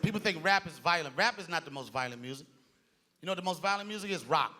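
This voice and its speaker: A man performing a stand-up comedy set on stage, animated, shouting his punchlines and slipping into voices. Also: a little high, fast talker. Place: comedy stage before a live audience. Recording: live club with loud crowd laughter.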